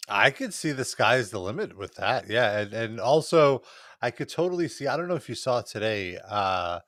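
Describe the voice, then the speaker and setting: A man's voice: medium pitch, lively intonation, moderate pace, fairly bright tone, no room sound, clean studio sound. A man appearing as a guest columnist in a casual wrestling recap chat, enthusiastic and rambling.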